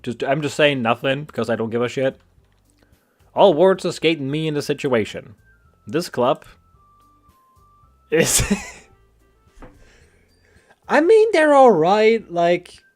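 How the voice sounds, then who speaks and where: Rambling, lively man. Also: mid-range voice. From Germany. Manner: rambling and profane, many restarts. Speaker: gamer streamer. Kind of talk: let's play commentary.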